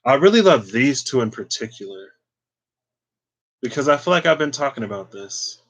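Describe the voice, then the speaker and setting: A man's voice: medium pitch, lively intonation, moderate pace, a bit bright, poor audio. Chatty man giving a tarot reading. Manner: chatty, lots of "like" and playful asides. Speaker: tarot reader.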